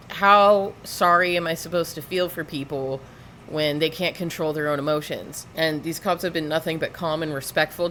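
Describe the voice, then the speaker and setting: A woman's voice: low voice, fairly bright tone, a little hiss or hum. A woman giving sarcastic, lecturing reaction commentary over police footage.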